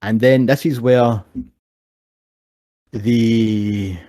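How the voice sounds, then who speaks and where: A man's voice: mid-range voice, fairly even intonation, extremely slow, warm tone. A young Scottish man chatting casually about fights as a co-host, swearing freely and telling stories with animation. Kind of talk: casual sports chat.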